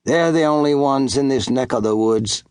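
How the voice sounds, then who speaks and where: A man voicing a rough, savage fur trapper who talks gruff and slangy. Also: medium pitch, normal speed, a little mellow, dry recording, close to an everyday voice. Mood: matter-of-fact.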